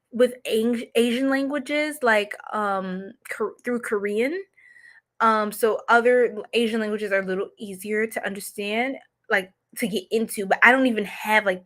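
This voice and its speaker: A woman's voice: medium pitch, a bit bright. A playful, giggly woman from New York, chatting casually as host of a psychic reading livestream. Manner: playful and giggly, laughs often.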